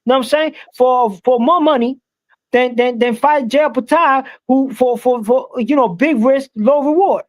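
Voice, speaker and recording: A man with a very high voice argues his case on a boxing panel. He is insistent and repeats phrases to drive them home. His voice sounds dry and close to the mic. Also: normal speed, dry recording. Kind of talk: heated panel debate.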